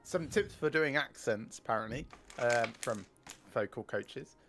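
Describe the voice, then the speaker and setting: A man's voice: mid-range voice, a little slow, vocal fry, slight background noise. Joking man chatting with a friend. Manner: joking, animated storyteller. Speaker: co-player. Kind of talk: casual chat while gaming.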